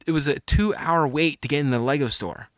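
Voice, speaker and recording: A man's voice: a little high, fairly quick, a bit bright, no room sound, clean studio sound. A middle-aged man co-hosting a podcast, telling a rambling story in casual chat and laughing at his own anecdote. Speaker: podcast co-host.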